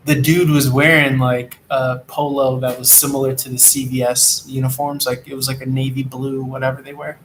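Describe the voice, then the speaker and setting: Flat-voiced man rambling on the move. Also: medium pitch, moderate pace, hardly any pauses, noisy background. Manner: rambling, profane, streetwise spiritual talk. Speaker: tarot reader and delivery rider. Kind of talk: casual spiritual rambling monologue. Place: riding an e-scooter outdoors in traffic.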